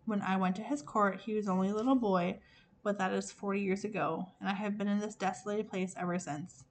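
A woman's voice: medium pitch, fairly even intonation, fairly quick, a little hiss or hum, close to an everyday voice. Woman voicing a chattering old fairy. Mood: chatty. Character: chatty vain old fairy princess, endlessly talking.

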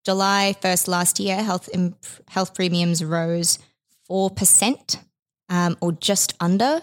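A woman's voice: lowish voice, steady tone, slow. A woman co-hosting a podcast in casual chat, talking freely with lots of fillers and the odd swear word. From immigrant living in Australia. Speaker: podcast co-host.

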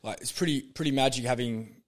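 A man's voice: medium pitch, brisk. A young Australian man, a former pro footballer, telling stories in casual chat, swearing and laughing often.

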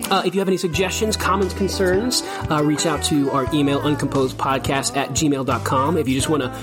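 A man's voice: fairly high pitch, steady tone, fairly quick, over music. A man co-hosting a podcast over a remote call, chatting casually and playfully with jokey asides. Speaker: podcast co-host. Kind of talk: casual chat recapping a musical.

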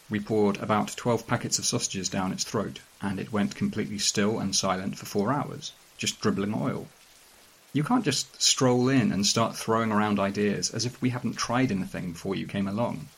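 Gravelly low-voiced male storyteller. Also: rough recording. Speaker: narrator. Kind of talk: scripted narration of a weird fiction story.

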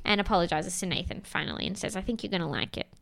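A woman's voice: fairly low pitch, rapid-fire, creaky, a bit bright. A young woman casually recapping a reality show with a co-host, chatty and laughing often, with frequent swearing. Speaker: podcast co-host.

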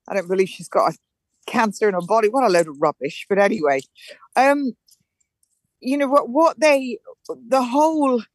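A woman's voice: mid-range voice, no room sound, poor audio. A woman in her forties, a guest in an interview, telling her story emphatically with frequent restarts. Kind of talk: casual interview chat.

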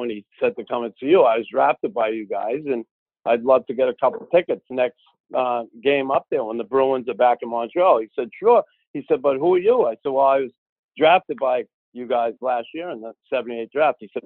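A man telling a long casual anecdote, lively and acting out the voices of the people he quotes. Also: medium pitch, dry recording. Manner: animated, acts out quoted voices. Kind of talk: casual storytelling. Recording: tinny phone-like audio.

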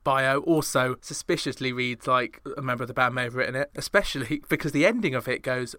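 A man's voice: mid-range voice, a little fast, hardly any pauses, sharp tone, no echo, studio quality. A man hosting a pop music podcast, giving chatty scripted commentary with wry, sarcastic asides. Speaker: podcast host.

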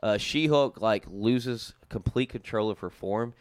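A young man with a Southern US drawl recaps the story for his podcast co-hosts, animated and quick to laugh. His voice sits low, smooth and resonant. The sound is dry and close. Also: no room sound. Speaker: podcast co-host recapping comics. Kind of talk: casual chat.

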